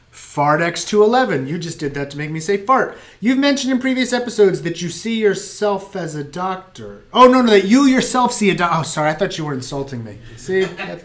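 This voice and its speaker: A middle-aged American man hosting a live viewer Q&A, telling stories in an animated, self-mocking way. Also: high-pitched. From United States. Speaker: host answering viewer questions. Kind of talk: live Q&A chat.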